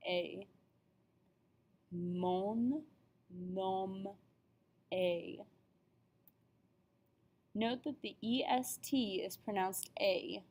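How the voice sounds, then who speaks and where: A young adult woman talks through a beginner language lesson. She sounds upbeat and is careful over every vowel. She speaks at a middle pitch. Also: darkish tone. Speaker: French teacher. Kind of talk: classroom lesson video.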